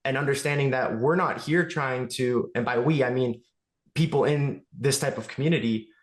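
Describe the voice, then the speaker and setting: Male podcast guest, earnest and reflective, average pitch, roomy echo. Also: moderate pace. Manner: earnest, reflective, thinking aloud. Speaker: guest, movement studio owner. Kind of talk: casual conversation.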